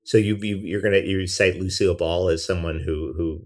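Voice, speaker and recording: A man with a very deep voice hosts a casual interview. He stumbles over his openings, repeating words before he gets his question out. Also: steady tone, a little mellow. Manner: halting, repeats words as he starts. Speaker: host.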